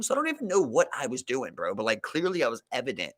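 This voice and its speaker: Animated, bright-voiced young man. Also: mid-range voice, quick pace. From Maryland. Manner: profane storytelling, heavy use of "like" and "bro". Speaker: podcast co-host. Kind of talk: casual chat.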